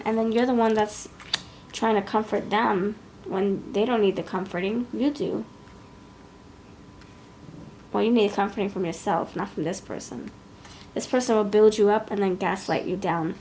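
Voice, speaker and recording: A woman's voice: mid-range voice, steady tone, a little slow, long pauses, darkish tone, slight background noise. A woman giving a pick-a-card tarot reading, blunt and scolding, thinking aloud as she turns the cards. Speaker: tarot reader.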